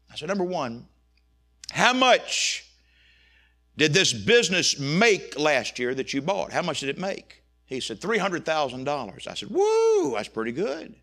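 A man with a drawl delivers a sermon in a gravelly, slightly raised voice. He tells stories in a folksy way and then builds to fervent, impassioned preaching. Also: a little high, fairly bright tone.

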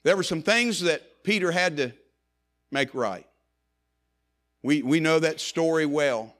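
A man delivers a passionate sermon at a slow pace, swelling to loud emphasis and sinking into hushed, low passages. He repeats phrases for effect.

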